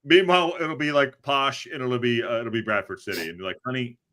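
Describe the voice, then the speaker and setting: Bright, lively male podcast host. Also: mid-range voice. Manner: lively, teasing, quick interjections. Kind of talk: casual live podcast banter.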